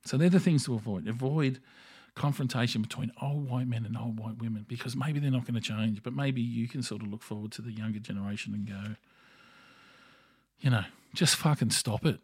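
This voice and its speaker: A man's voice: medium pitch, fairly even intonation, fairly quick, darkish tone, slightly rough, dry recording, clean studio sound. A middle-aged man with an Australian accent, hosting a podcast and delivering a blunt, profane, opinionated solo monologue. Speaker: podcast host.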